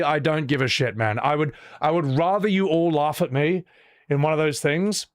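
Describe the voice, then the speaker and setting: A man with a slightly high, clear and resonant voice talks at a moderate pace on a live stream, chatting casually with his viewers. He's blunt and profane as he vents his exasperation, frequently restarting sentences. The recording is dry and studio quality.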